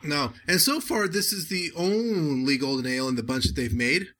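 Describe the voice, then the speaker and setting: Bright, chatty man rambling about beer. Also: on the high side. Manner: rambling, halting with many fillers. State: has a cold. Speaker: podcast host reviewing beer. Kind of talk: casual chat.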